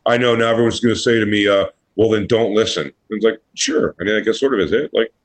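A man's voice: on the low side, quick pace. A young adult man co-hosting a comedy podcast, rambling and telling crude jokes. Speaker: podcast co-host. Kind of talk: casual comedic banter.

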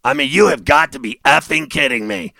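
A male sports radio host delivering a sarcastic monologue, mocking and laughing, dropping low and then bursting out loud. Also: a little fast, gravelly.

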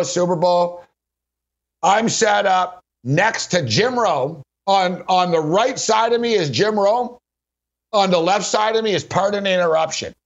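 Man, sports radio host, slightly high voice, laughs a lot, rambling storyteller, dull lo-fi sound. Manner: rambling, laughing often, heavy use of "like". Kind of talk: casual anecdotal storytelling. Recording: dull lo-fi recording.

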